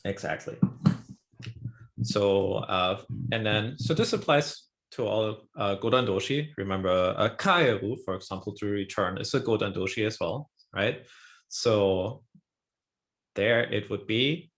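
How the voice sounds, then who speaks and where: A man's voice: fairly low pitch, a little slow, a bit bright. A man teaching a language lesson, explaining patiently step by step and often checking in with his student. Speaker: Japanese teacher.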